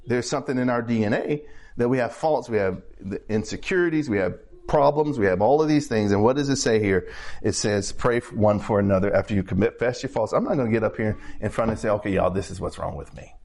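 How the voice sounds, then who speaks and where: A man's voice: mid-range voice, brisk, a little mellow. A man preaching a sermon in a conversational way, checking in with the congregation and repeating phrases as he builds his points.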